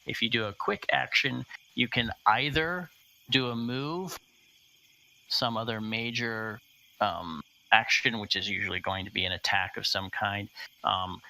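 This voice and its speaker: Slow, gravelly, bright-voiced male game master. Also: lowish voice, rough recording. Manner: halting, with frequent fillers and restarts. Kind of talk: narrating and explaining rules of a tabletop game.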